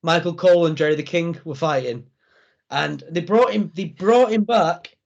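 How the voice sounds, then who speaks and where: Gravelly man on a dull line. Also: a little high, moderate pace. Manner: enthusiastic, rambling opinions, dry jokes. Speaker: podcast co-host. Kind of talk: casual wrestling podcast chat. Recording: dull lo-fi sound.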